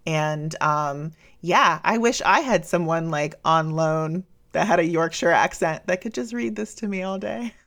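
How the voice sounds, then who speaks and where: A woman's voice: deep voice, a little slow, few pauses, fairly bright tone. A woman co-hosting a podcast, chatting casually and readily agreeing with her co-host. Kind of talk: casual book-club chat.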